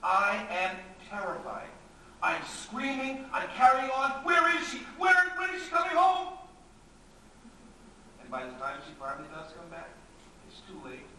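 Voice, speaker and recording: An actor on a theatre stage playing an anxious, rambling, self-mocking middle-aged writer, recorded from far off in an echoey, noisy hall. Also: male voice, on the high side, moderate pace, pushed and bright. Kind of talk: live stage acting. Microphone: distant room mic.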